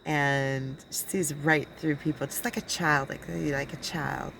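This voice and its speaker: Rambling low-voiced woman talking to camera. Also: steady tone, gravelly, background noise. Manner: rambling, halting, with many restarts and quoted dialogue. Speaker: spiritual channeler and video blogger. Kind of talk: casual personal monologue.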